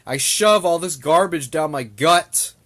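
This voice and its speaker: A young male vlogger rants to camera, exasperated and annoyed, rambling and repeating himself. His voice is a little high and a bit bright, and he doesn't hurry.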